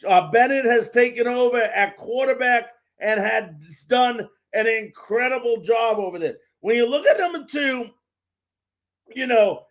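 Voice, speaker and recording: A man's voice: very high voice, fairly bright tone. A man hosting a live sports talk show, ranting with fired-up frustration and repeating words for emphasis.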